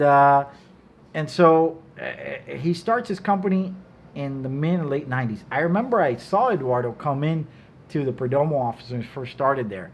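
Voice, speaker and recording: Animated, profane middle-aged storyteller man. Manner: animated, profane, acts out quotes in a loud high voice. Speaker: cigar brand owner. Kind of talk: casual storytelling.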